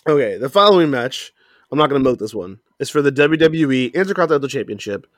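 A man co-hosting a casual wrestling chat, animated and laughing often, breaking into mock voices. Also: medium pitch, quick pace, dry recording, clean studio sound. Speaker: podcast co-host.

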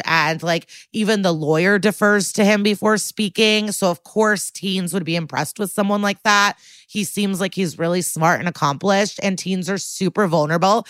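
A woman's voice: medium pitch, normal speed, fairly bright tone, smooth, no echo. A woman co-hosting a podcast, chatting casually through an episode recap and acting out the characters' lines. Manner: chatty, acts out quoted lines with mock voices. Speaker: podcast co-host.

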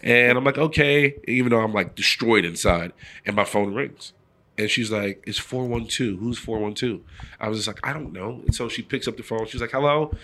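A man's voice: lowish voice, brisk, bright, forceful tone. A middle-aged man, a former pro football player, telling a long story in a casual interview and acting out the voices of the people in it.

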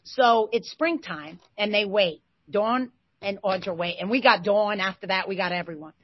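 A woman in her forties, a former basketball player, telling stories as an interview guest with lively bursts of excitement. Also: mid-range voice, moderate pace, slight background noise. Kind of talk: animated storytelling. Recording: dull, slightly lo-fi sound.

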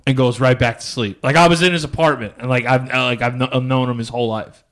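A man's voice: mid-range voice, steady tone, quick pace, fairly bright tone. A man co-hosting a podcast in casual chat, telling stories playfully and laughing often. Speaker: podcast co-host.

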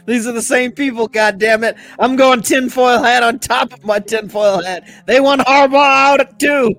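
A man co-hosting a casual sports talk show, ranting in a profane, animated way. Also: very high-pitched, normal speed, faint music behind. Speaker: podcast co-host.

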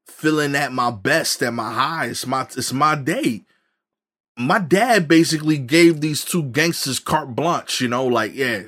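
A man's voice: a little high, fairly bright tone. Wry New man telling a story. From New York. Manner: conversational, many "you know" fillers, wry asides. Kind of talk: comedic personal storytelling.

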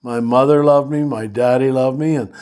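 An older man, a priest, telling stories in a slow, reflective conversation with some self-deprecating humor. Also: medium pitch, fairly even intonation, darkish tone. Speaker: priest and teacher.

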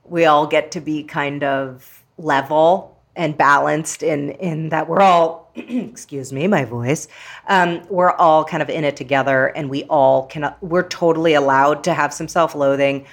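Woman, low voice, author guest, reflective, playful, casual filler-heavy talk. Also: a little slow.

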